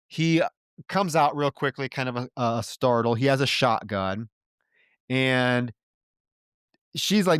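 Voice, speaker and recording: A man co-hosting a podcast, retelling a film's plot in a lively, casual way with exasperated, swearing asides. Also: mid-range voice, smooth, no room sound, studio quality. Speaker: podcast co-host. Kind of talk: casual film discussion.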